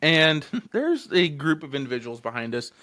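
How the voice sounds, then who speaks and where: A man in his twenties tells a story on his casual podcast, his pitch jumping around animatedly and his tone bright and forceful. He swears constantly and breaks into laughter between sentences, filling gaps with ums. The voice sits a little higher than most men's. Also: big pitch swings, moderate pace. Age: 20s. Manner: profane, laughs often, lots of fillers. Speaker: podcast co-host.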